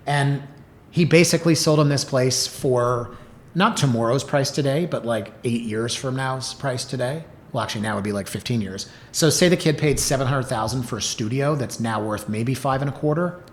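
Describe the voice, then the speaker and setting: A man in his forties hosting a talk show, telling stories with sarcastic asides and lively emphasis. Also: medium pitch, roomy sound. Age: 40s. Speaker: host. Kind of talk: casual monologue.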